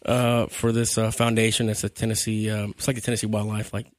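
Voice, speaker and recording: Halting man on radio. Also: lowish voice, level tone, no room sound, clean studio sound. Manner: rambling, halting, repeats words. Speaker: outdoors show co-host. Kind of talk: casual studio talk. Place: radio studio.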